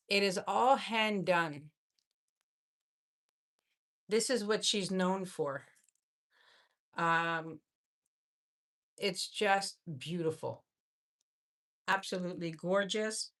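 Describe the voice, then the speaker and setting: A woman's voice: lowish voice, drawn-out words, long pauses, fairly bright tone. A woman hosting a live jewelry sale, chatting in an effusive way and often repeating her words. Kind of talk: casual live-stream selling.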